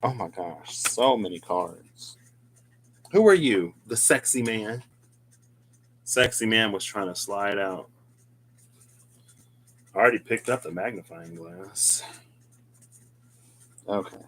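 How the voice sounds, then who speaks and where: Guy doing a tarot vlog, lowish voice but bright, bounces all over, laughs a lot, little faint hum behind. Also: animated, slow pace, pauses often, poor audio. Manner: chatty, rambling, laughs often, talks to himself. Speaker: tarot card reader. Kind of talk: casual tarot reading vlog.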